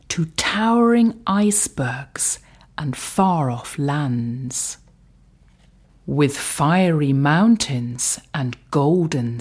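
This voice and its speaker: A woman reading a rhyming picture book aloud, lilting and slipping into soft whispers. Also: sits low, husky. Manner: slow, lilting, drops to whispers. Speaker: storyteller.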